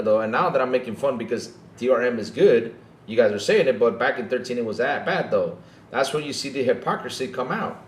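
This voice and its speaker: A man's voice: medium pitch, echoey room. A man hosting a gaming podcast in a casual, mocking rant, often tacking "though" onto his sentences.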